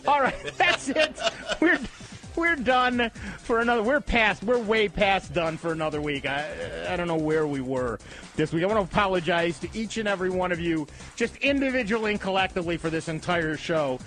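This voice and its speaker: A man's voice: sits high, animated, moderate pace, a bit bright, soft background music. Rambling, laughing male radio host. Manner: rambling, self-mocking storyteller who laughs often. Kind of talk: casual on-air chat. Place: radio studio.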